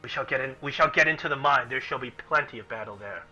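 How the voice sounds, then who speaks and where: A man's voice: medium pitch, fast, sharp tone. A man voicing a solemn adventuring companion who earnestly urges duty in formal, old-fashioned speech. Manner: earnest, persuasive. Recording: dull lo-fi recording with music.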